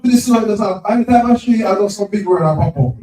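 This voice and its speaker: A man, hosting a live spelling game at an event, brisk and teasing, repeating each word. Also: sits high, dark tone. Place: event venue with crowd. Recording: echoey, distant from the mic.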